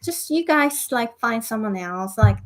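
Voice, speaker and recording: A woman's voice: on the high side, expressive, unhurried, low-quality recording. A woman voicing a fed-up inner spirit self. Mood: exasperated.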